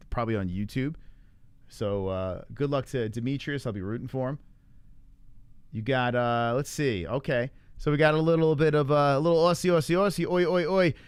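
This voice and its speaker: A man hosts a casual live stream, chatting loosely and swearing freely between fillers. His voice is smooth and clear at a middling pitch. The close mic sounds dry, with no room around it. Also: dry recording. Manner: loose, profane, rambling with frequent fillers. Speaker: livestream MMA show host. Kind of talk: casual live-stream chat reading viewer comments. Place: home in Arizona.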